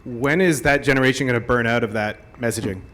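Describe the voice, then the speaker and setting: A man's voice: mid-range voice, fast, a bit bright, a little hiss or hum. A man in a conference audience politely asking the speaker a question in a friendly tone. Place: conference hall.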